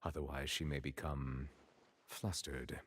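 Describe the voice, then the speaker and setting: An actor playing a poised, formal chief justice who speaks in a polite, measured way. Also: male voice, extremely low pitch, steady tone, slightly rough, full character voice.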